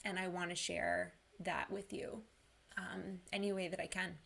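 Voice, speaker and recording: An earnest young woman coaching listeners through a personal motivational talk. She talks casually and fills her speech with "like." Her voice has a gravelly fry. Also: fairly low pitch, little pitch movement, measured pace, a bit bright, slight background noise. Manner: earnest, casual, uses "like" a lot. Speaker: mental health coach.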